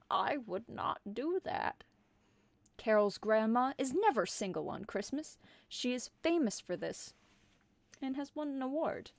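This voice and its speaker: A woman streamer reading a silly holiday story aloud in a deadpan way. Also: a little high, unhurried, gravelly, no room sound. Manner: deadpan, absurd.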